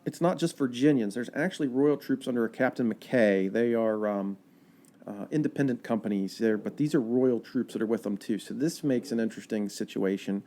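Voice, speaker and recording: A man, a park ranger guest, telling history in a chatty, animated storytelling way. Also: mid-range voice. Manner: animated, chatty storyteller with fillers and quoted asides.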